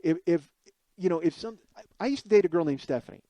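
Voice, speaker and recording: A man in his forties tells a comic personal story as a podcast host. He talks in a profane, rambling, self-deprecating way. His voice sits fairly high but sounds mellow and warm, in a dry recording. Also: animated, fast talker, no echo. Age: 40s.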